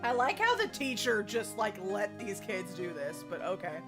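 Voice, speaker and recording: A woman's voice: medium pitch, big pitch swings, normal speed. A young woman streaming a game, chatting casually, giddy and gushing, with occasional swearing. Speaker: let's play streamer. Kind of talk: casual gaming commentary. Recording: game music underneath.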